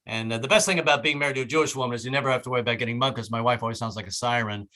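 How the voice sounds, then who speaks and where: Bright-voiced male stand-up comic, stammering. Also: mid-range voice, fairly even intonation, rapid-fire. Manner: stammering restarts, loud punchlines. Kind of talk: stand-up set.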